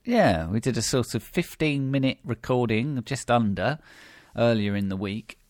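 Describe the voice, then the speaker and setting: A man's voice: medium pitch, animated, normal speed, no room sound. A British man hosting a podcast, chatting wryly with many fillers and restarts. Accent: British English. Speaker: podcast host. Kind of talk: casual podcast chat.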